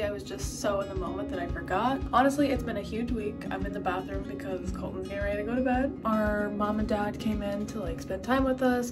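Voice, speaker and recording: A woman in her twenties chatting casually to camera as a vlogger, upbeat and full of filler words. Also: medium pitch. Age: 20s. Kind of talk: casual vlog chat.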